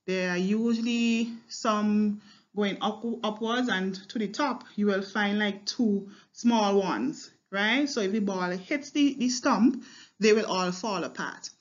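A woman teaching a poem line by line, thinking aloud and often stopping to check with "right?" or "okay?". Her voice sits at an even middle pitch. The recording sounds a little dull and muffled. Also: a little slow. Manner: explanatory, repeats words with fillers and checks with "right?" and "okay?". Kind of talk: line-by-line poetry analysis lesson.

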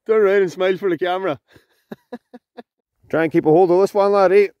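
Excitable Scottish man swearing by a loch. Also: high-pitched, fairly quick, clear, resonant tone, no echo, highs cut off. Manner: swearing, excitable, shouting across water. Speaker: fishing vlogger. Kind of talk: excited outdoor commentary. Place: outdoors by a loch.

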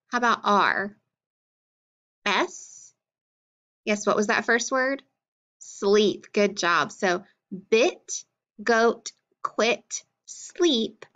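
A woman leads a children's phonics lesson at a slow, patient pace, her voice pitched a touch high. The recording sounds dull and lo-fi. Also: a bit bright. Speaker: teacher.

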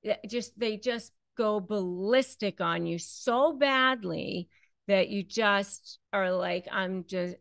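Talking directly to camera, a woman hosts an advice segment in a conversational way, repeating herself and acting out the lines she quotes. Her medium-pitched voice is gravelly with a fairly bright tone, she speaks slowly, and there's no room sound.

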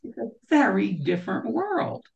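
Woman guest, gravelly edge to the voice, reflective and explanatory in conversation. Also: mid-range voice, very animated, moderate pace, dull audio, a crowd in the background. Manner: reflective, explains ideas through everyday examples. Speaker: guest on a leadership talk show. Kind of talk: conversational interview.

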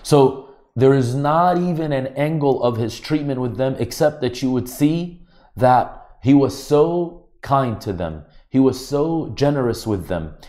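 A man's voice: medium pitch, expressive, unhurried, dark tone. A man giving a religious lecture, explaining Arabic terms in an earnest teaching manner.

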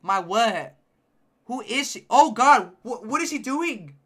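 A man streaming a game live, reacting with loud, excitable outbursts and teasing his chat. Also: very high-pitched, moderate pace. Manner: addresses chat directly, playful teasing. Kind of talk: live gameplay commentary.

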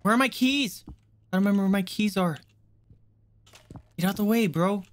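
A streamer gives live commentary over horror gameplay in a medium-pitched voice at a moderate pace. They're jumpy, swear a lot, shriek at the scares and speak directly to the chat.

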